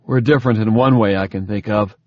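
Defiant captive guy, terse and sarcastic, husky voice, muffled sound, read by the narrator. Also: lowish voice, brisk, dry recording, close to an everyday voice. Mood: wry, strained. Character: captive man in pain, wry and defiant.

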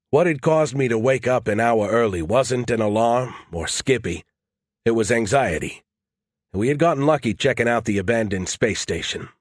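A male audiobook narrator telling a first-person story with a dry, wry delivery. His voice sits in an ordinary middle pitch. The recording is dry and close, with no sense of a room. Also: no echo.

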